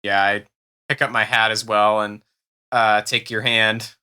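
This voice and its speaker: Bright, easygoing man player. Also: lowish voice, little pitch movement, measured pace, clear, resonant tone.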